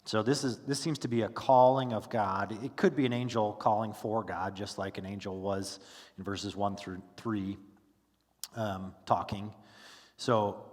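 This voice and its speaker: Low-voiced male Bible teacher, casual and halting, asks the class questions. Reverberant hall sound. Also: fairly even intonation, darkish tone. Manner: casual, with frequent fillers and restarts. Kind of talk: conversational Bible lesson. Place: church classroom.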